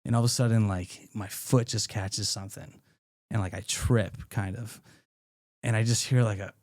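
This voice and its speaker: A man's voice: fairly low pitch, fairly even intonation, moderate pace, a little mellow, no room sound, studio quality. A young man casually telling a story on a podcast, acting out the quotes and laughing often. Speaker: podcast guest, comedian.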